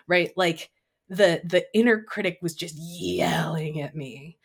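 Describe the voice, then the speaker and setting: A woman's voice: on the low side, normal speed. A woman in her thirties hosting a podcast solo, talking candidly and emotionally, often laughing and sometimes choked up. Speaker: podcast host and author.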